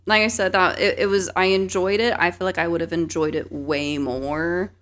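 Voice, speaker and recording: A woman's voice: lowish voice, fairly even intonation, moderate pace, fairly bright tone. A woman co-hosting a podcast in casual chat, chatty and laughing easily, with lots of fillers. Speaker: podcast co-host.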